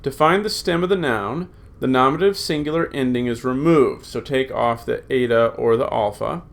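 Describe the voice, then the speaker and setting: A man's voice: medium pitch, moderate pace, creaky. A middle-aged man teaching a recorded Greek grammar lesson, patient and plain, with many filler sounds as he repeats forms aloud.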